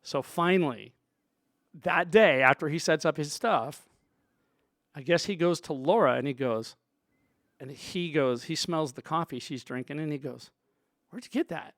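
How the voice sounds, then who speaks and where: A man's voice: a little high, unhurried, a bit bright, no echo, studio quality. A man, a sound engineer, telling stories from his work in a loose, rambling way full of asides. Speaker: sound engineer, show guest. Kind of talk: storytelling in a conversation.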